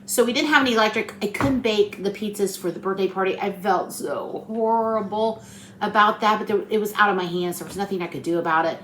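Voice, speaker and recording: A woman's voice: mid-range voice, fairly quick, a bit bright, echoey room, slight background noise. A middle-aged woman, rambling and telling stories as she cooks at home for her vlog, tired after a long week. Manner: rambling, storytelling, talkative. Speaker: cooking channel host. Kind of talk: chatty home cooking vlog. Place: home kitchen.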